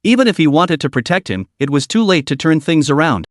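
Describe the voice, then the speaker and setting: Lively, fairly high male narrator. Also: a little fast, no echo, clean studio sound. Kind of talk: scripted story recap narration.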